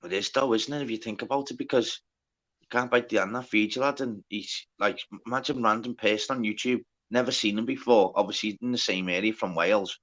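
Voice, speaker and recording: A man hosting a casual livestream chat, swearing a lot and talking in quick bursts full of filler words. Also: lowish voice, fairly bright tone. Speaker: livestream host.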